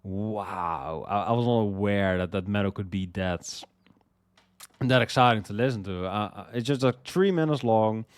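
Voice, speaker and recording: A young man with a smooth, fairly low voice talks casually about songs he loves. He rambles, stumbles over repeated words and swears freely as his excitement builds. The sound is dry and close, with no room around it. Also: normal speed, no room sound. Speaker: music list host. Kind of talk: casual music commentary.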